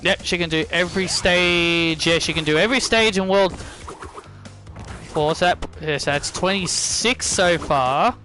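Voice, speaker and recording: A man's voice: high-pitched, measured pace, bright, forceful tone, faint music behind. A man streaming a video game, chatting casually and rambling, often repeating and correcting himself. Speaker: gaming streamer. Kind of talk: casual gameplay commentary.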